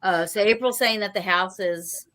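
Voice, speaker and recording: A woman's voice: medium pitch, normal speed, pushed and bright. A woman hosting a casual livestream chat, rambling with lots of restarts and fillers. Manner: rambling, full of "you know" and restarts. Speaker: host.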